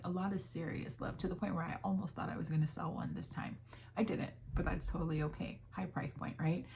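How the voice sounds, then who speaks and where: A young woman chats casually about her crochet business, retelling conversations with plenty of fillers. Her voice is mid-pitched with a gravelly fry running through it. Faint noise sits behind her. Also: a little mellow. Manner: chatty, with fillers and quoted dialogue. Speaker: crochet vlogger. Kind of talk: casual chat.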